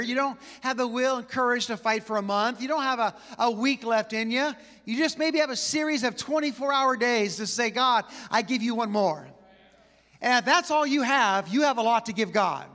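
A man preaching a sermon to a church, telling personal stories with quick asides and light laughter. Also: very high voice, pushed and bright. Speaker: pastor. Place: church auditorium with long reverb. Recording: reverberant church hall.

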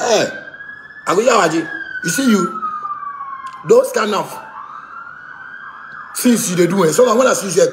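A Ghanaian-accented man, a musician, in a heated rant that switches between pidgin and English and often breaks into shouting. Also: a little high, lively intonation, normal speed, pauses often, reverberant, noisy background. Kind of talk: angry rant.

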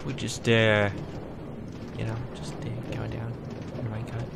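A young man casually narrating his own gameplay in a relaxed, rambling way, having just woken up. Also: on the low side, moderate pace, gravelly, very noisy. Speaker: gaming YouTuber. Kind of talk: casual Minecraft let's play.

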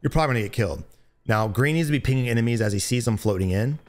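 A young man giving blunt, profane gameplay commentary as a streamer, breaking into loud excited bursts. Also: medium pitch, very fast, slight background noise. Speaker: gaming streamer.

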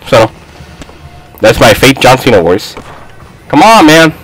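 A man giving live commentary over a basketball video game, excitable and trash-talking his teammates. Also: medium pitch, takes it slowly, low-quality recording. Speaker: gaming YouTuber.

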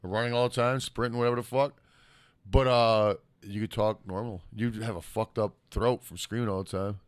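A man's voice: on the low side, fairly even intonation, moderate pace, clear, resonant tone, dry recording. An American man co-hosting a podcast, rambling and swearing while reading out listener comments. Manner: profane, rambling, laughs a lot. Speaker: podcast co-host.

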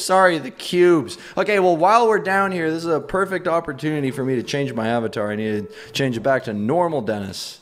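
A young man hosting a gaming video, giving excitable running commentary and yelping and laughing as he plays. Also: medium pitch, brisk, faint music behind. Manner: excitable, yelps and laughs while playing.

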